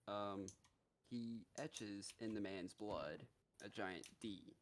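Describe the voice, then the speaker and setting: A man on a live gaming stream casually retelling a story, animated and profane, with many fillers. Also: on the low side, slow pace.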